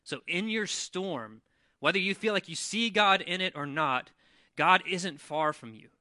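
Guy pastor preaching, bright voice, dry sound, kinda chatty and lively. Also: sits high, unhurried, dry recording. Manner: conversational, animated when retelling scenes. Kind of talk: sermon. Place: church.

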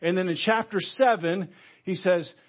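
A man preaching a sermon in a church, his voice high and slightly husky. He talks in an animated way and now and then breaks into loud, outraged bursts as he acts out a quote. The recording sounds muffled. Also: moderate pace. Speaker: pastor. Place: church sanctuary.

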